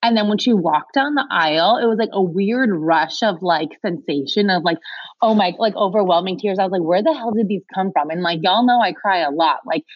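A young adult woman co-hosting a podcast, bubbly and excitable in casual chat. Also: on the low side, brisk, dry recording, dull audio. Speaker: co-host.

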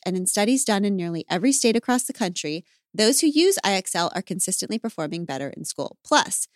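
A woman's voice: medium pitch, no room sound. A woman hosting a podcast, eager and enthusiastic in conversation. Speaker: podcast host. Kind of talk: casual chat. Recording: dry studio mic.

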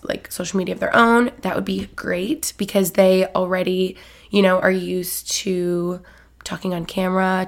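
Solo podcast host, young woman, casual and giggly, gravelly fry in the voice. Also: medium pitch. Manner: chatty, filler-heavy, frequent laughs.

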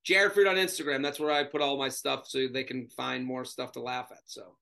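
A man who is a comedian guest on a podcast, telling animated stories and laughing often in casual chat. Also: mid-range voice, brisk, creaky.

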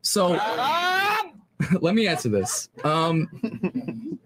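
A man's voice: high voice, wildly swooping pitch, extremely slow, heavy background noise. A man speaking as a podcast guest, brash and teasing, confident in casual debate.

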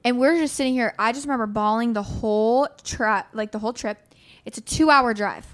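A young adult woman hosting a casual chat, telling stories in an animated way and swearing freely. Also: a little high, fairly quick. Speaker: host.

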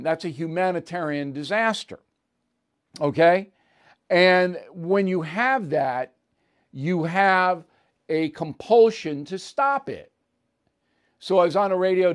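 A man with a slightly high voice hosts his own show in a steady opinion monologue. He is blunt and emphatic, and he drives each point home with "okay?" and "all right?". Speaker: political commentator hosting his own show.

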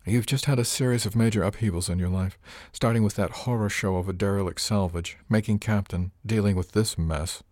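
A male narrator voicing a sharp-witted woman, a ship's chief engineer, who talks to her captain in a gently mocking, exasperated way. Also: on the low side, steady tone, fairly quick, few pauses, no echo, clean studio sound, close to an everyday voice. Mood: lecturing. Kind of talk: audiobook character voice.

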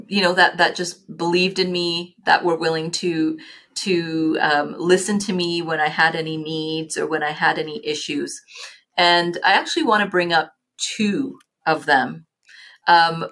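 A woman's voice: lowish voice, a bit bright. A middle-aged woman from Canada, a guest on an interview podcast, recalling stories reflectively with frequent restarts and fillers. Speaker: guest, nonprofit leader. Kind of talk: reflective storytelling.

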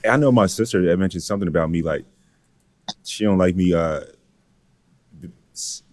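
A young man co-hosting a casual chat, laid-back and quick to laugh. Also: sits low. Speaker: podcast co-host.

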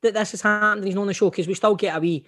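A man's voice: high-pitched, steady tone, rapid-fire, fairly bright tone. A Scottish man hosting a football podcast in jokey, laughing casual chat. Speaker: podcast host.

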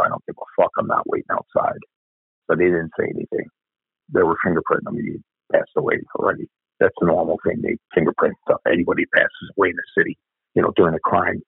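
A man's voice: low voice, creaky, breathy edge, no room sound. An older man, a former cop telling a story bluntly, with some swearing. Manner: blunt, profane. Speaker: retired police officer. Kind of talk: storytelling interview. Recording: tinny phone-like line.

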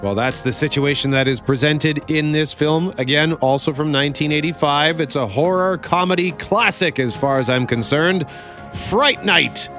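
A man's voice: on the high side, normal speed, over music. A man in his forties hosting a casual show, chatty and laughing often as he tells stories. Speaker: radio show host reviewing movies. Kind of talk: casual chat.

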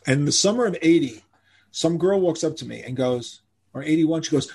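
An older man, telling animated stories as a guest in a podcast interview and acting out the people he quotes. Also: a little high, a little fast, creaky, breathy edge. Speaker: guest musician.

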